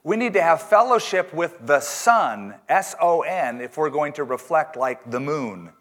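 Pastor guy preaching in church, kinda high voice, slow punchy scripture reading, joky bits. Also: lively intonation, a bit bright. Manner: slow, emphatic scripture reading, jokey asides. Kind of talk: sermon.

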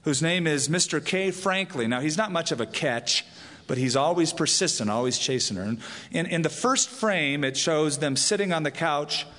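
A man's voice: on the high side, normal speed, fairly bright tone. A male pastor preaching a sermon, explaining scripture in a storytelling manner. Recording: long hall reverb.

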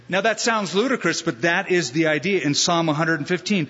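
A man preaching a sermon as a pastor, animated, with mocking asides and acted quotes. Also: fairly high pitch, fairly quick, hardly any pauses, slightly rough. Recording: long-reverb hall, dull lo-fi sound.

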